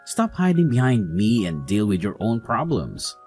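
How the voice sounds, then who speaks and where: A man's voice: fairly low pitch, sing-song, moderate pace, darkish tone. Man playing a dismissive husband. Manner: dismissive, mocking. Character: dismissive mocking young husband. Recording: faint music behind.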